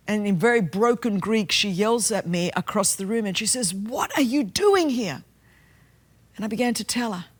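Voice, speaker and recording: A middle-aged woman preaching, telling a story earnestly and building to passionate emphasis. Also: mid-range voice. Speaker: speaker and activist. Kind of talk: sermon storytelling.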